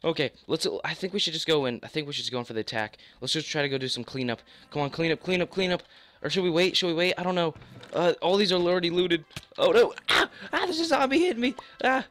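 A young man giving live gameplay commentary, hoarse with a worn-out voice, excitable, repeating phrases and yelping as he plays. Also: a little high, fast talker, faint music behind. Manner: excitable, repeats phrases, yelps and laughs mid-sentence. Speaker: gaming YouTuber.

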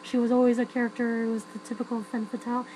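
A woman's voice: a little high, little pitch movement, quick pace, a little mellow, slight background noise, rough recording. A woman giving a frank, chatty spoken film review, full of fillers and restarts.

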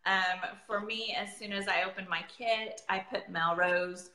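A woman's voice: medium pitch, fairly even intonation, unhurried, pushed and bright, reverberant, low-quality recording. A woman in her forties, chatting casually as an essential oils presenter, rambling and laughing often. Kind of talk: casual chat.

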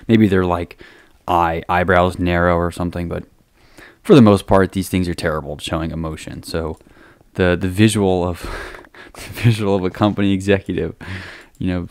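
A man's voice: sits low, creaky, a little mellow. A man hosting a casual monologue, talking loosely with lots of ums, restarts and small chuckles. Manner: hesitant, many ums and restarts, chuckling asides. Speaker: podcast host.

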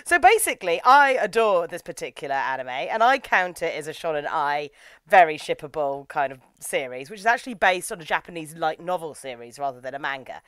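Woman podcast host, enthusiastic reviewer, lower pitch, dry booth. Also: lively intonation, brisk, fairly bright tone, smooth, no echo. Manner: enthusiastic, gushing, acts out quotes. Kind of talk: casual anime review chat.

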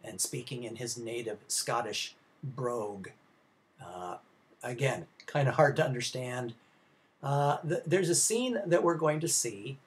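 A man's voice: mid-range voice, animated, unhurried. A male film instructor giving a recorded slide lecture, chatty and rambling, with many filler sounds and restarts, speaking directly to his students. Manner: conversational, addresses students directly.

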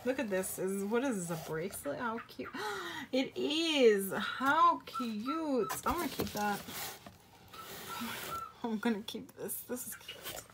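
A woman's voice: fairly high pitch, animated, takes it slowly, noisy background. A woman vlogger in casual unboxing chat at home, gushing and exclaiming often, trailing off mid-sentence. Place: home with a pet bird.

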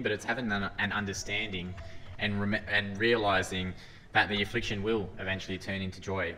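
An earnest man preaches a sermon, reading scripture aloud and often restarting his phrases. His voice sits a little low yet sounds bright and forceful. It carries a long hall reverb over a faint room hum. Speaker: lay preacher. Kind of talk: sermon talk.

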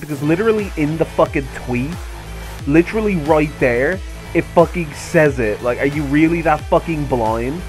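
A man hosting a commentary video, ranting heatedly and sarcastically with constant swearing. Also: a little high. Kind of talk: angry rant commentary.

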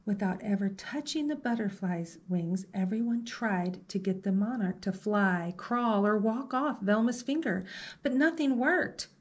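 Librarian reading a storybook to kids, slow, gentle, soft-spoken, woman. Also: medium pitch. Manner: slow, gentle, asks the listener questions. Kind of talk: reading a picture book aloud to children.

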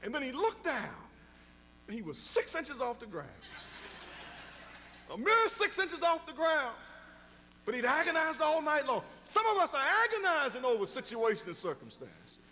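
A man's voice: extremely high pitch, sing-song, moderate pace, sharp tone, big-room sound, a little hiss or hum. A middle-aged man preaching a sermon as pastor, telling stories and building to emphatic exhortation.

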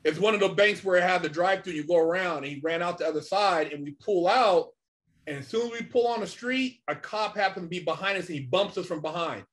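A man's voice: sits high, fast talker, fairly bright tone. A man, a podcast guest, telling a story in a casual, slangy way, full of "man" and "you know".

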